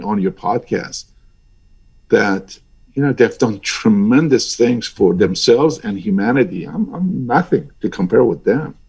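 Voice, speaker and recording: Older guy, pilot, husky voice, gets fired up and emphatic, mid pitch. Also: darkish tone. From Iran. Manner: passionate and emphatic, pitch jumping when stirred. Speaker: guest, airline pilot. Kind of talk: interview over a remote link.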